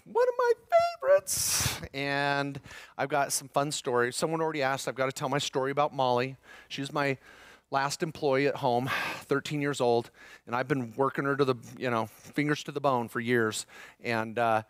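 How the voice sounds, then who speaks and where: A man's voice: mid-range voice, normal speed, a bit bright, no echo. A middle-aged man speaking to a live seminar audience, joking and upbeat, talking straight to the room.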